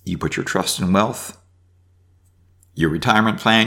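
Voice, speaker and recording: A man's voice: lowish voice, moderate pace, vocal fry, long pauses, pushed and bright. A man giving an informal Bible teaching, reading verses aloud and commenting with frequent restarts. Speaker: preacher.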